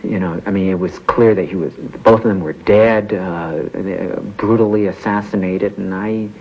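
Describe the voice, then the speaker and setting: A man in a documentary interview, recalling events haltingly, with many fillers. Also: deep voice, steady tone, a little hiss or hum. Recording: dull lo-fi recording with faint ambience.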